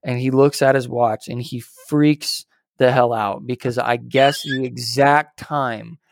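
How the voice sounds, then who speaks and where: A young man with a medium-pitched voice tells a story on a podcast in a loose, animated way. He acts out the people in it and swears casually. The recording is dry and close. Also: measured pace, gravelly, no room sound. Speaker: podcast co-host.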